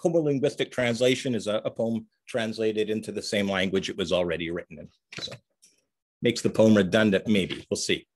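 A man's voice: fairly low pitch, a little fast. A man reading his own poems at a livestreamed reading, with dry, wry asides between them. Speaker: poet. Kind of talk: poetry reading. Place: livestream from home.

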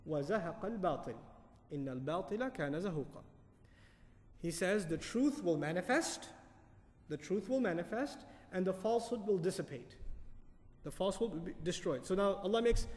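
A man lecturing on Quran commentary, animated, asking the audience questions and reciting Arabic verses quickly. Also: high-pitched, long reverb tail. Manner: animated, asks the audience questions and answers them. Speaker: Quran teacher.

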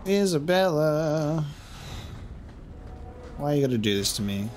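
A man's voice: medium pitch, animated, a little slow, a little hiss or hum. A man giving casual gameplay commentary, chatty and self-mocking, swearing and laughing often. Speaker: let's play gamer. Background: faint game music.

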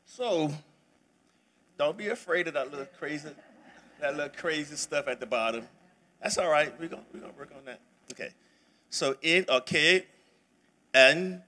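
A man's voice: medium pitch, lively intonation, normal speed, sharp tone. A man teaching a church Bible study lesson in a casual, conversational way, with many fillers and restarts. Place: church sanctuary.

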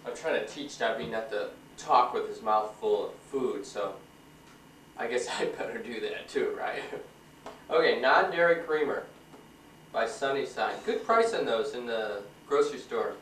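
A man's voice: medium pitch, lively intonation, a little slow, a bit bright. A man casually narrating to his own camera in a home kitchen, chatting and joking as he explains each step. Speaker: home video maker. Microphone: built-in mic of a 1994 home camcorder. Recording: roomy, distant, faint hiss.

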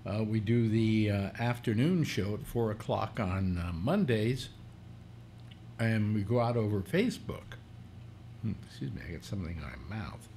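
Rambling male host, lively pitch. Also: moderate pace, a little hiss or hum. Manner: rambling, many restarts and fillers. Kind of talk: casual live-stream talk show chat. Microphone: computer mic through speakers.

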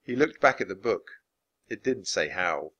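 Dad reading a kids chapter book, lots of up and down in his voice, bright tone. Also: low-pitched, moderate pace, slightly rough. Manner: expressive, animated narration. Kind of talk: children's storybook read-aloud.

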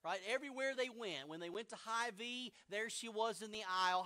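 A man's voice: high voice, fairly quick, pushed and bright. A man preaching a sermon as pastor, explaining scripture with vivid modern retellings.

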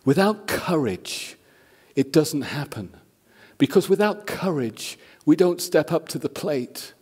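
A man preaching a sermon as a guest speaker, an animated storyteller who acts out the people in his stories. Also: fairly high pitch, takes it slowly, slightly rough.

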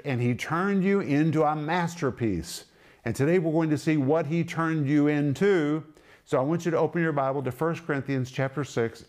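A man's voice: mid-range voice, darkish tone. A middle-aged man teaching the Bible on a ministry program, emphatic, repeating questions and explaining Greek words.

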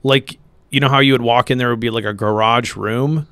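A middle-aged man co-hosting a podcast, rambling through profane stories with laughs, getting loud when he quotes people. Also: medium pitch, fairly even intonation, fairly quick, clear, resonant tone, dry recording. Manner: rambling, profane, laughs mid-story, swings loud when quoting the angry coach. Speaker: podcast co-host. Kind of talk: casual storytelling chat.

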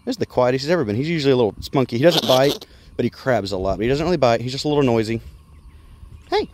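Expressive and rapid-fire, this medium-pitched breeder vlogs about his exotic pets over a noisy background. He wanders the yard's animal pens and some indoor reptile tanks, rambling and talking to the animals along the way.

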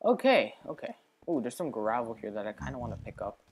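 A woman hosting a gaming channel, giving chatty let's play commentary straight to her viewers, with sudden excitable outbursts. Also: a bass voice, brisk, slightly rough.

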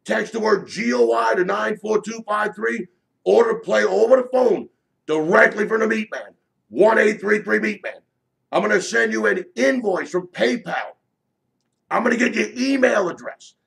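A man working as a sports betting handicapper, shouting a brash, profane sales pitch for his picks and repeating himself often. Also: creaky. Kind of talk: loud promotional sales pitch.

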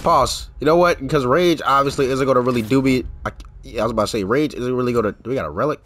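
A man commentating his own gameplay, excitable, cursing and shouting at the game. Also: mid-range voice, fast. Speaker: gameplay streamer. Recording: game music and sound effects behind the voice.

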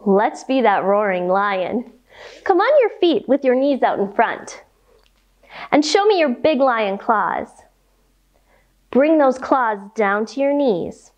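Young woman, kids' yoga storytime, animated, unhurried, bright playful pitch. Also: lo-fi sound. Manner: animated, slow, playful sound effects for kids.

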